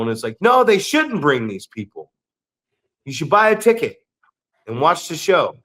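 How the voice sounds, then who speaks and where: With a medium, slightly bright voice and big swings in pitch, this middle-aged man speaks at a moderate pace. He's a professional wrestler and podcast co-host, cursing and ranting bluntly in easygoing wrestling talk.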